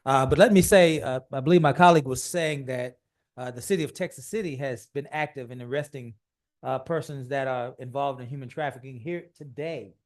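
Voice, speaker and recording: A man presiding over a city council session at a podium microphone. He speaks in an average-pitched voice, earnest and measured, and often pauses on "uh" as he gives formal remarks or reads a proclamation into the chamber. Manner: measured and earnest, frequent "uh" fillers. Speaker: mayor chairing a city council meeting.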